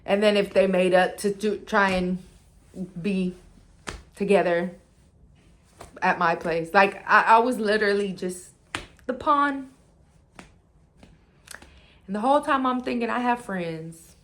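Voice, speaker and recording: A woman telling a storytime in a casual, animated way, leaning on "like" and acting out what people said, while she is losing her voice. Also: mid-range voice, a little hiss or hum. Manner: animated, heavy use of "like", acts out quotes.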